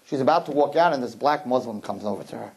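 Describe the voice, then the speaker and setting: A man delivers a sermon with a slightly husky, breathy edge. His pitch leaps up and down as he presses his points. He stumbles over repeated words, then tosses jokes to the crowd. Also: fast. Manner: animated, emphatic, repeats words when starting; joking asides to the audience. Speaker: rabbi giving a talk to young women.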